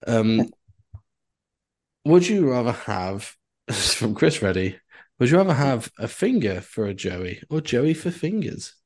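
A man's voice: mid-range voice, sing-song, unhurried, a little mellow. A man hosting a podcast, reading out listener questions and adding dry jokes. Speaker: podcast host. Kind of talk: casual podcast chat.

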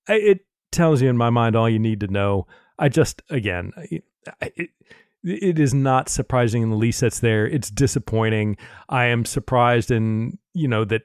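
A man co-hosting a political podcast, talking in a casual, animated and indignant way, swearing freely. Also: medium pitch, dry recording, studio quality. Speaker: podcast co-host.

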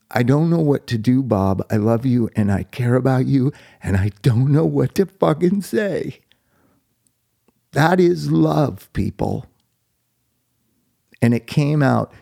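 A man's voice: on the low side, vocal fry, mellow, no echo, clean studio sound. A middle-aged man talking candidly in a blunt, profane and heartfelt way, rambling and restarting his sentences. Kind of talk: candid monologue.

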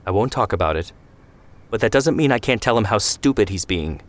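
A man reading the lines of a sharp-tongued young woman who speaks bluntly and mockingly in an audio story. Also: fairly low pitch, lively intonation, a little fast, natural voice. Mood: scornful.

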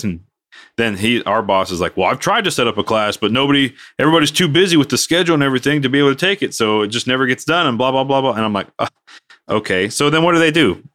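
A man co-hosting a casual podcast, telling a work story and acting out what people said. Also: mid-range voice. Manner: animated, acts out quoted dialogue. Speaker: podcast co-host.

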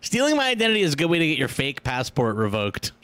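Dry-witted man with a smooth, lively voice. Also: on the high side, quick pace, no echo. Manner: dry, sardonic, lively storytelling. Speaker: podcast co-host. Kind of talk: casual chat.

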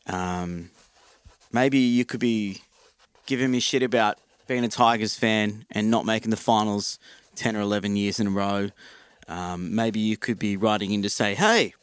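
A man's voice: lowish voice, moderate pace, smooth, no room sound. A man with an Australian accent hosting a podcast, chatting casually with lots of ums. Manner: chatty, relaxed, many ums. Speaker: podcast host.

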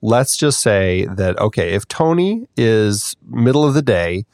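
A man co-hosting a podcast in casual chat, animated and often laughing, with a precise streak for details. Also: fairly low pitch, unhurried, no room sound, studio quality. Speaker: podcast co-host.

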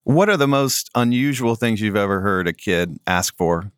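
A man's voice: lowish voice, lively intonation, normal speed, smooth, dry recording, clean studio sound. A man interviewing a guest, asking curious, prodding follow-up questions in a casual way.

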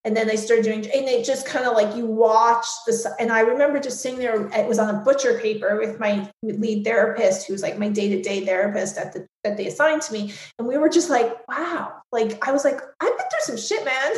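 A woman's voice: on the high side, brisk, hardly any pauses, darkish tone, roomy sound, low-quality recording. A woman guest speaking candidly in an interview, frank and full of "like" fillers, swearing freely.

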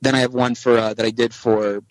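A man at an ordinary middle pitch tells a long story as a podcast guest, acting out each exchange in bits of other voices. The sound is close and dry, with no room around it. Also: brisk, dry recording, low-quality recording. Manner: animated anecdote teller, acts out dialogue in voices. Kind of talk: casual storytelling chat.

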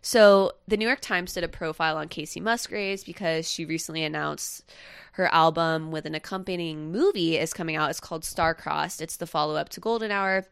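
A low, fairly quick female voice, creaky and a bit bright yet clean, carries this casual podcast chat. She co-hosts, rambling with many fillers, in an echo-free studio recording.

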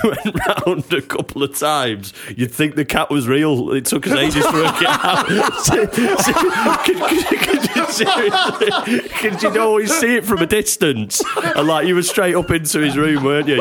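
A man's voice: fairly high pitch, moderate pace, few pauses, over a noisy crowd. A man with a Northern English accent, telling stories in casual podcast chat and laughing often. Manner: animated storytelling, laughing. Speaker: podcast co-host.

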